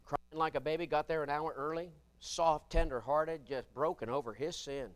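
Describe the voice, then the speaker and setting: A man preaching a sermon, folksy and humorous, swinging between loud emphatic bursts and quiet asides. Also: on the high side, fairly even intonation, normal speed, dry recording.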